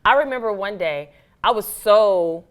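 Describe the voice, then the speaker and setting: A woman with an American accent, an actress and author telling her story as an interview guest, animated and acting out her own past thoughts. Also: mid-range voice, unhurried, smooth. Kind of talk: casual interview talk.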